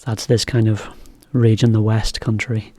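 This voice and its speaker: Brief: male English teacher, casual chatty lesson, mellow tone, mid pitch, dry sound. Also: measured pace, dry recording. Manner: relaxed, chatty, explains as he goes.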